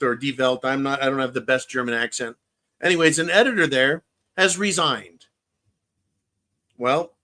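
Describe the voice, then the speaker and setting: A man's voice: fairly high pitch, pushed and bright. A man hosting a political commentary livestream, ranting with heavy profanity and repeating his points for emphasis. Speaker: livestream host.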